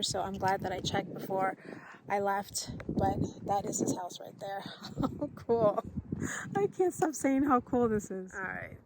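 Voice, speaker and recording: A woman vlogging outdoors on a phone camera, chatty and excited, often laughing. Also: mid-range voice, very noisy. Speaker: travel vlogger. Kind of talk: casual vlog narration. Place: outdoors at a house and its grounds.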